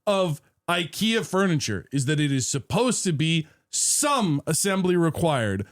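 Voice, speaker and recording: A man's voice: on the high side, sing-song, unhurried. A man co-hosting a podcast in chatty, casual banter and laughing often. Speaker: podcast co-host. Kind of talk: casual chat.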